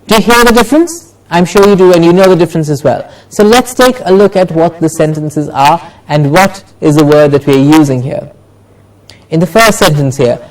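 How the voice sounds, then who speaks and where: A man teaching English pronunciation, saying word pairs slowly and clearly and repeating them so each stress is heard. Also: high-pitched, far from the mic, poor audio. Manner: repeats words in pairs, stretching stressed syllables. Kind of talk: slow, deliberate pronunciation lesson.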